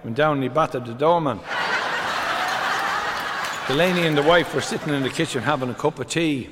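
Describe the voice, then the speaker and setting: An older man delivers stand-up one-liners in a dry, deadpan way. His voice sits a little high. The sound carries a long hall reverb, with clear crowd noise behind him. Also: fairly quick. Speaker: comedian. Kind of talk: stand-up joke telling.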